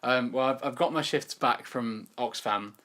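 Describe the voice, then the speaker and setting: A man's voice: mid-range voice, moderate pace, sharp tone. A young man co-hosting a podcast, with a mid-range voice. He talks in a loose, chatty way and drops dry, sarcastic asides. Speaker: podcast co-host. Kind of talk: casual chat.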